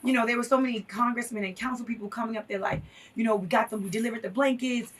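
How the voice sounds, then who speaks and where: A woman speaking as an interview guest, her voice a little husky and set slightly higher than most. She tells her story with emphasis, acting out what others said, and is heard from a bit back from the microphone. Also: steady tone, fast, recorded from a distance. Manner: emphatic, storytelling with acted quotes. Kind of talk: casual interview talk.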